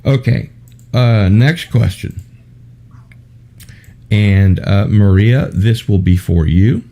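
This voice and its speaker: A man's voice: fairly low pitch, takes it slowly, vocal fry, warm tone. A man hosting an online trivia game, chatty and joking, laughing often as he reads out the rules and questions. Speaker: host of a trivia game show.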